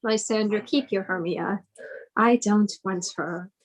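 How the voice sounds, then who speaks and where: A woman's voice: mid-range voice, unhurried, natural voice, rough recording. A teenage girl acting as a jealous, boastful young man spoiling for a duel in a school stage play. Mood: dismissive. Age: teens. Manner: boastful, challenging.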